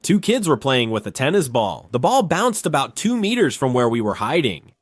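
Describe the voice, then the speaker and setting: A man's voice: mid-range voice, very animated, normal speed, no room sound, clean studio sound, soft background music. A man from Romania narrating a childhood story with animation, switching into character voices.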